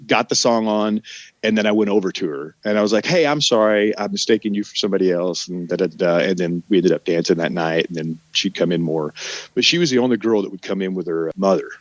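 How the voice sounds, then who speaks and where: A man's voice: sits low, dry recording, highs cut off. A middle-aged man from Oklahoma, an actor guesting on a podcast, telling loose, profane stories and acting out the people in them. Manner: animated storyteller, acts out quoted voices, loose and profane. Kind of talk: casual storytelling chat.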